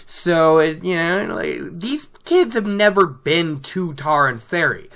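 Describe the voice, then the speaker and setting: An animated podcast host who chats through a book chapter and laughs often. The delivery is unhurried, and the voice has a bright, tense edge. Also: mid-range voice. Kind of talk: casual book recap chat.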